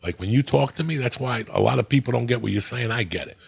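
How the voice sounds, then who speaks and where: A man from New Jersey telling a profane, animated story as a podcast guest. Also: mid-range voice, fast talker, creaky, husky. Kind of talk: casual storytelling.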